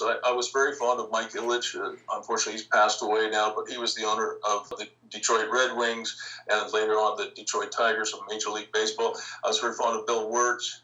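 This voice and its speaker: An older man recounts stories as a podcast guest, his voice bright and forward. He talks in a lively, anecdotal way and laughs lightly between points. The sound is a little distant from the microphone. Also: medium pitch. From Canada. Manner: anecdotal, animated, chuckles while telling stories. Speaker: interview guest, hockey team founder. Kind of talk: storytelling podcast interview.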